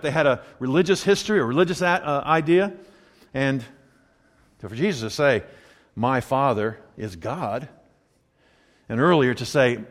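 A man with a slightly higher-than-usual voice preaches a sermon in a talky, conversational way. He drops to low murmurs and then lifts into emphatic points. A long reverb trails his words through a large hall.

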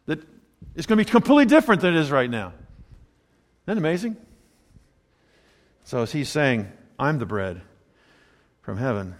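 A man preaching a sermon in a conversational way, swinging between quiet, low asides and emphatic, rising points. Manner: conversational preaching, drops to a low murmur then rises emphatically. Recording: long hall reverb.

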